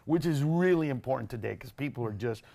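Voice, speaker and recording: A man who is a stand-up comedian, chatting as a guest on a TV talk show, animated and laughing often. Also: medium pitch, fast, gravelly. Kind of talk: casual TV chat. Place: TV studio.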